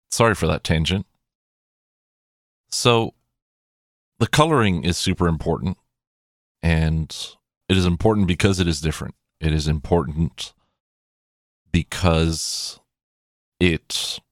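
A man's voice: low-pitched, dry recording, studio quality. A man rambling through casual commentary on a film from his own collection, with many fillers and restarts. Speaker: movie collection reviewer.

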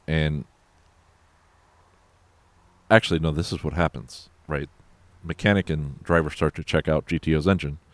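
A man's voice: a bass voice, steady tone, moderate pace, long pauses, no echo. A man casually recapping a movie in a loose, rambling and profane way, full of fillers and asides. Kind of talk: casual film recap chat.

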